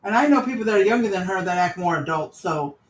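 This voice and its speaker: A woman's voice: on the low side, lively intonation, fast. A woman in her forties chatting casually on a livestream, rambling in trailing asides and greeting viewers. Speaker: livestream host.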